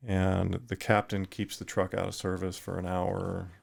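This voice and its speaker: A middle-aged man, a retired firefighter, talking thoughtfully in a podcast interview, pausing and restarting often. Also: sits low, monotone, vocal fry. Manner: thoughtful, halting with frequent restarts.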